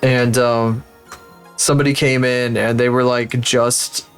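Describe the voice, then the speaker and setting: A man chatting casually on a livestream while he works, ranting and swearing often in an animated way. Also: mid-range voice, a little slow, soft background music. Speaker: streamer.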